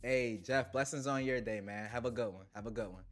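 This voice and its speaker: Man, tech livestream host, casual slang, laughs a lot, mid pitch, faint music behind. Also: brisk. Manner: laid-back slang, laughs often, shouts out viewers. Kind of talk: casual livestream chat reading super chats.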